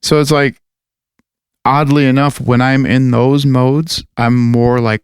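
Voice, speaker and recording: Man, casual podcast chat, gravelly, smooth, rambling and profane. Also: medium pitch, little pitch movement, measured pace, no echo, clean studio sound. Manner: rambling, swears a lot, many fillers. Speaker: podcast co-host and metal musician.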